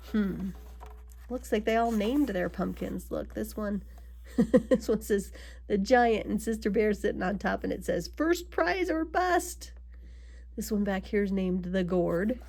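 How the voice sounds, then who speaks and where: A woman reading a children's picture book aloud, adding gentle asides to her young listeners. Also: medium pitch, creaky. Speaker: storybook reader.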